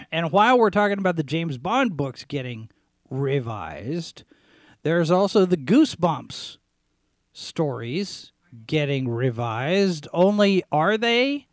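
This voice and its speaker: A man hosting a talk show, giving sarcastic commentary as he reads out headlines, often clearing his throat and restarting his sentences. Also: fairly high pitch, very animated, takes it slowly, no room sound, clean studio sound. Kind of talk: opinionated commentary, reading headlines.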